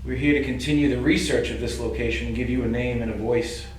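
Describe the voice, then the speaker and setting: A man with a Boston accent, a paranormal investigator calmly coaxing an unseen spirit to talk, in an old building. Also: mid-range voice, fast talker. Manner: calm, coaxing, earnest, addressing an unseen presence. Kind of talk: calling out to a spirit in a ghost hunt. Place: old building at night, indoors. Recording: very echoey room, distant mic, faint hiss.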